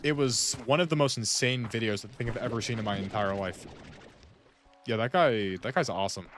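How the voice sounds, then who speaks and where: A man's voice: medium pitch, fairly quick, a bit bright, faint music behind. A man gaming and chatting casually, rambling with lots of "like" as he muses aloud to friends. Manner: rambling, heavy use of "like", musing aloud to friends. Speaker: gaming streamer. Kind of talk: casual chat while playing a game.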